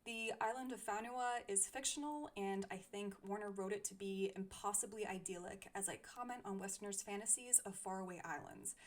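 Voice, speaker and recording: A woman's voice: mid-range voice, a little fast, few pauses. A young woman reviewing books she has read, speaking thoughtfully with frequent small laughs. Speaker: book reviewer. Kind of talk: casual book review.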